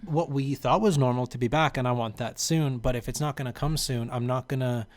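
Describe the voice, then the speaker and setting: A man's voice: medium pitch, brisk, a little mellow. A man co-hosting a podcast with his partner, talking in an easygoing, rambling way. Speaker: podcast co-host. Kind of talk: casual chat.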